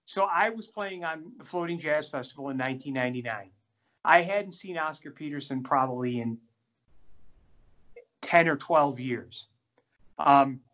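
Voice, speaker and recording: A middle-aged man, a jazz pianist, telling animated, self-deprecating stories in a casual interview. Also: a little high. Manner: animated, self-deprecating anecdotes with many restarts.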